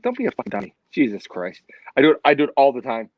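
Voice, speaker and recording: Halting, rambling man on a dull mic. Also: medium pitch, huge pitch swings, no echo. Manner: rambling, halting, casual swearing. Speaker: podcast co-host. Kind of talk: casual chat.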